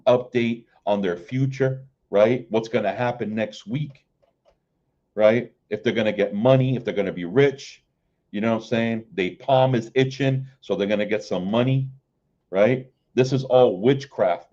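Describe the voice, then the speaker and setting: A man gives an informal sermon over a livestream, peppering his talk with "man" and "right?" and stretching out scripture as he reads. His voice sits mellow and dark, and he takes his time. The stream audio sounds dull and lo-fi. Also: fairly low pitch. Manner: repeats "man" and "right?", stammers and restarts, slow KJV reading. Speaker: livestream preacher. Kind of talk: informal street-style sermon.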